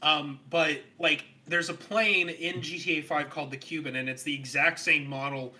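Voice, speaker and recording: A young man on a casual movie review podcast, with a high, very bright and sharp voice. He recounts scenes animatedly, with emphatic asides. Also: steady tone, moderate pace. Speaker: podcast co-host. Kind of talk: casual film review chat.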